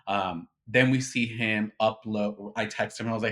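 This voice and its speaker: A man as an interview guest, telling a story in a casual, animated way, acting out quoted dialogue and swearing freely. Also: lowish voice, moderate pace.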